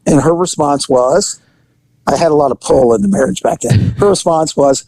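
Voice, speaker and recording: A middle-aged former police officer tells a rowdy story in casual chat, his voice gravelly and pitched a bit high. He laughs, swears and acts out the people he quotes. The sound is dry and close. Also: lively intonation, moderate pace, a little mellow, dry recording, rough recording. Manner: profane, laughing often.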